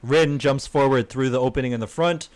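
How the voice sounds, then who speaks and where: A man narrating a tabletop game as game master, halting often with uh and um as he describes the scene. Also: mid-range voice, darkish tone. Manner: halting, full of uh and um fillers.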